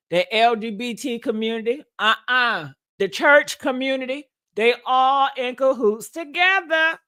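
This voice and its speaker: Sassy woman gossip host, aave, slow and bright, dry mic, preaching at her viewers. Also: a little high, no room sound. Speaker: commentary channel host. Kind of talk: gossip commentary livestream. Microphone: streaming setup mic.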